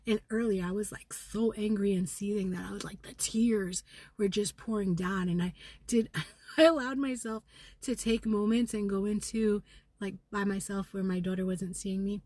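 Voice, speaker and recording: Angry and seething, a middle-aged woman speaks quickly and intensely in a raw spiritual vlog, swearing and at times whispering. Her mid-range voice is steady and darkish, recorded without echo.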